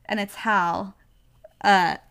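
A woman's voice: mid-range voice, steady tone, drawn-out words, creaky, a bit bright, clean tone. A young woman co-hosting a podcast, chatting casually and laughing often. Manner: giggly, enthusiastic. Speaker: podcast co-host. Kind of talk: casual chat.

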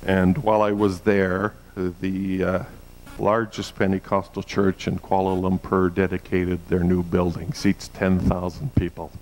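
Low-voiced guy preaching a sermon, chatty with lots of uh's then gets loud and fired up. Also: completely flat delivery, measured pace, a little hiss or hum, rough recording. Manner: builds to loud, high emphatic peaks, with frequent uh fillers. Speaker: pastor.

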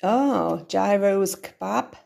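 A woman's voice: mid-range voice, slow, creaky, darkish tone. A woman vlogging casually at home, rambling and thinking aloud as she interrupts herself. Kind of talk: casual chatty vlog. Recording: echoey room.

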